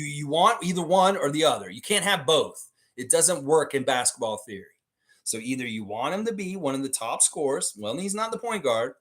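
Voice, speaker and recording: A man's voice: on the high side, a bit bright. Blunt, profane man ranting to chat. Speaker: livestream host. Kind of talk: casual livestream commentary.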